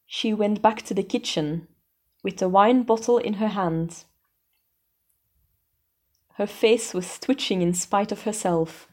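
A woman narrating a storybook in a measured, even way. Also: medium pitch. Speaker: audiobook narrator. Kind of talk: storybook reading.

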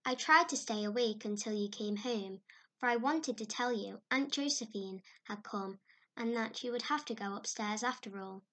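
Woman narrator doing a kindly middle-aged mother; gentle, weary warmth. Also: on the high side, moderate pace.

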